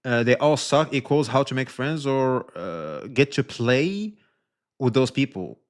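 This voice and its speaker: A man's voice: mid-range voice, expressive, measured pace. A man streaming live and reacting to a video, talking straight to his chat in a loose, profane way full of restarts. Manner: addresses chat directly, frequent restarts and swearing. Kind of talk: livestream reaction commentary.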